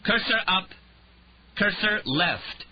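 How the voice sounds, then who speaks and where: A man voicing a desperate, trapped detective who shouts in panic and strains out commands. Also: a little high, wildly swooping pitch, takes it slowly, dull audio, noisy background, pitched above the performer's own voice, heavily acted. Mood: strained. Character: desperate trapped male detective, middle-aged.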